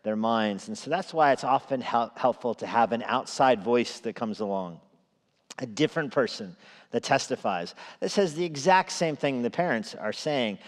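A man preaching an evening sermon at an ordinary middle pitch. He talks through it conversationally, with asides and small chuckles. His voice carries a long reverb, as in a large church sanctuary. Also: expressive, moderate pace. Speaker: pastor.

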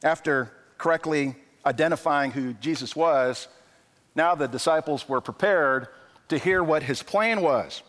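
A man preaching a sermon as pastor, animated and acting out quoted dialogue, often repeating words as he goes. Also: on the high side, a little slow, long reverb tail. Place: church sanctuary.

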